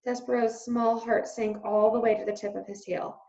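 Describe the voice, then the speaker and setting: A woman teacher reading a children's novel aloud with expressive storytelling. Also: a little high, normal speed, gravelly. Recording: roomy, slightly dull recording.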